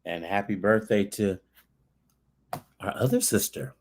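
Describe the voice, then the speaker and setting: A man co-hosting a casual talk show, excitable and quick to squeal or tear up. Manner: excitable, bursts into high squeals and near tears. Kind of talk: casual chat.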